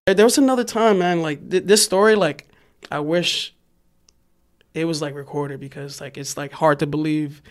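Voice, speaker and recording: A young man from New York telling a wild story in a casual chat, animated and profane, acting out the shouting cops. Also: a little high, moderate pace. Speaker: podcast guest, graffiti writer.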